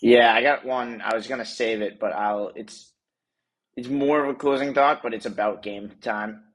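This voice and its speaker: A man's voice: medium pitch, steady tone, moderate pace, rough recording. A young man co-hosting a podcast, telling a rambling, self-correcting story in casual chat and laughing at himself. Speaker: podcast co-host.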